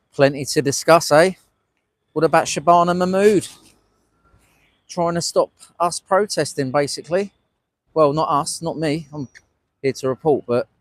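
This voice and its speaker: A citizen journalist livestreams from a street protest, rambling chattily to his chat viewers through a small wearable mic. His voice is mid-range, and there's no echo.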